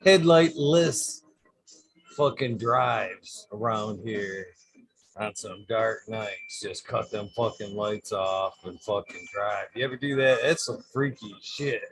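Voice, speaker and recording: A man with a low voice hosts a loose podcast chat. He swears freely and tells his stories with lots of energy. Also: slow. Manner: profane, animated storyteller. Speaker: podcast host. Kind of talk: casual chat.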